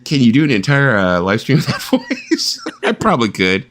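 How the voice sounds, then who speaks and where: A man's voice: medium pitch, moderate pace, a little hiss or hum. A man hosting a casual late-night live-stream chat who jokes around and laughs a lot. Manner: joking, laughs often, animated. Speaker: host.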